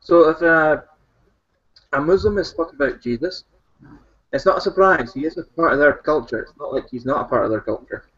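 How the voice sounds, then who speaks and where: Sarcastic guy picking apart a video, kinda high voice, muffled lo-fi audio. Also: a little fast, a bit bright, slightly rough. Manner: sardonic, lecturing. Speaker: podcast co-host. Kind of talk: mocking commentary. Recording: dull lo-fi sound.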